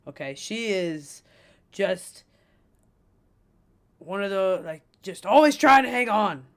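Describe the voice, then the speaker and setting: A woman's voice: mid-range voice, lively intonation, slow pace. A woman streamer voicing a scheming female poison witch who tells fortunes, rambling and playfully mean in character. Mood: ranting. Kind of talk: in-character livestream role-play.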